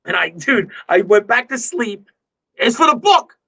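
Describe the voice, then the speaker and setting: A man from New York with a high-pitched voice, talking in a loose, rambling way. He swears freely and laughs a lot while telling stories. The sound comes through a video call. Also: sing-song, a little slow, creaky, sharp tone, husky, low-quality recording. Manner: rambling, profane, laughs often. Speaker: guest musician. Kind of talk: casual livestream chat.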